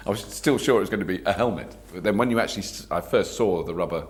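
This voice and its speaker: A man's voice: low-pitched, fast. A man being interviewed, chattily recalling work as an actor with bursts of laughter. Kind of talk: anecdotal interview.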